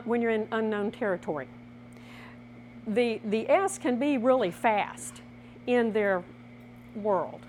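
A woman presenting a workshop in a lively teaching style, acting out little scenes as she explains. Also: medium pitch, slight background noise. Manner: animated, laughing, acts out little scenes.

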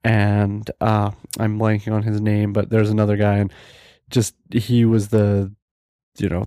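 A young man talks through his own podcast in an easygoing, enthusiastic ramble, full of restarts and fillers. His voice sits on the low side with a mellow, relaxed tone, recorded dry and close with no room sound. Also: no room sound. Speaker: podcast host. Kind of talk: casual solo podcast talk.

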